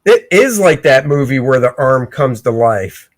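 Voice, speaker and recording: A man hosting a casual livestream where he talks through his own comic pencils, excitable and breaking into shouts. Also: mid-range voice, measured pace. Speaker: comic artist and show host. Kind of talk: casual livestream art commentary.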